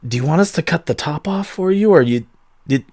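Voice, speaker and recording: Guy doing a nervous little halfling barkeep, stammery and polite, a bit higher than his own voice. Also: expressive, brisk, darkish tone. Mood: flustered. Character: flustered small halfling barkeep.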